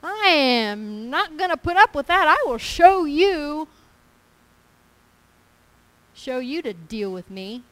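A woman preacher putting on the voice of an angry person threatening revenge, loud and slow. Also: fairly high pitch, sing-song, no echo, low-quality recording.

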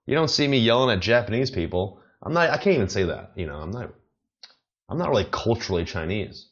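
A deep-voiced man from the States hosts a rambling solo comedy podcast. He wanders off topic, fills gaps with "you know," and chuckles at his own jokes. The recording is muffled and lo-fi. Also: sing-song, fast talker, a bit bright. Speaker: podcast host, amateur comedian. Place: apartment in China.

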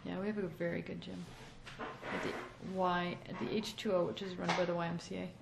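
A woman's voice: fairly low pitch, flat delivery, fairly quick, gravelly, heavy background noise. A woman hosting a podcast in casual, chatty talk from a small home office studio. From Canada. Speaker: podcast host.

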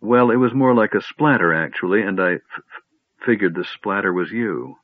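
A man voicing an eager, chatty male kender who tells tales excitedly and stammers at times. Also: on the low side, normal speed, dry recording, natural voice. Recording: tinny phone-like line, dry.

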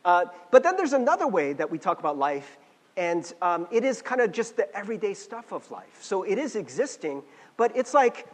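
A man in his forties teaching a class in a conversational lecture style, often checking in with a quick "right?". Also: high-pitched, big pitch swings. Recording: long hall reverb.

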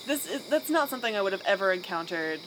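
Lively, blunt woman on a noisy podcast. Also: mid-range voice, fast. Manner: emphatic, blunt, swearing. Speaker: podcast co-host. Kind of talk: casual podcast chat. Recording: podcast recording with audible background noise.

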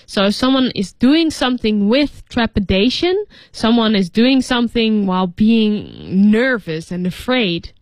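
A woman's voice: a little high, very animated, measured pace, few pauses, dry recording, studio quality. A woman co-hosting a radio lesson, reading story lines and explaining English words in a loose, chatty way full of fillers. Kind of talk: casual teaching chat. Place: radio studio.

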